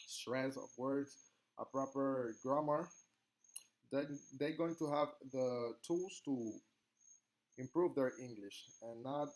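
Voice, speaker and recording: A young man with a Spanish accent, a native Spanish speaker from Latin America, giving an earnest, halting class presentation as a student. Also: mid-range voice, rough recording. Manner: earnest, halting, reads questions aloud.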